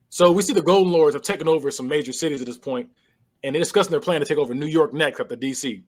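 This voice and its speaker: A fairly high-pitched man talks fast but with long pauses, recapping a movie casually on a podcast. He's an animated storyteller who acts out the characters' lines and laughs.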